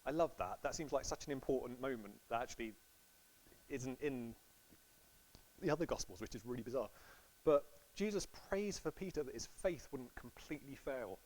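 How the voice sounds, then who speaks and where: A man's voice: medium pitch, lively intonation, normal speed, a little mellow, low-quality recording. A man preaching a sermon in a casual, storytelling way, acting out quotes playfully.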